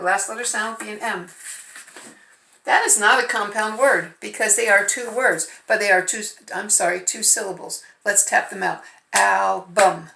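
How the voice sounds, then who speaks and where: Speaking in a mid-range voice with vocal fry and a sharp edge, a woman patiently works through letters and syllables in a remote phonics lesson for first graders. The lesson comes from her home, in an echoey room.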